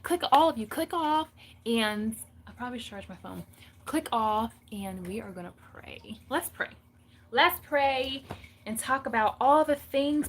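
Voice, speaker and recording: Bright-voiced woman chatting on a faith livestream. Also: fairly high pitch. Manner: laughs often, animated storytelling. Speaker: livestream host. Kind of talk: casual faith livestream chat.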